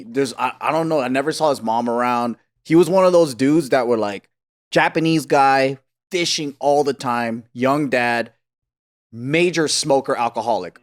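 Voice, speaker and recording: Animated, profane man telling a story. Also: mid-range voice. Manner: animated, profane, laughs as he talks. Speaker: podcast co-host. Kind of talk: casual comedic storytelling.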